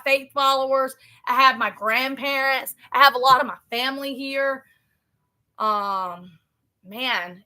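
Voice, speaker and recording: A woman's voice: high-pitched, bright, forceful tone. A woman hosting a live stream at home, chatting in a folksy, repetitive way and calling her viewers "y'all". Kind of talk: casual live-stream chat. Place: home, a trailer.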